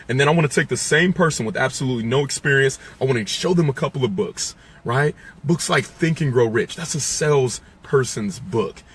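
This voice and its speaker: Husky, preachy motivational man. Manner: preachy and emphatic, with repeated lines; swings from loud preaching to low, quiet asides. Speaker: sales coach. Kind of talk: motivational sales talk to viewers.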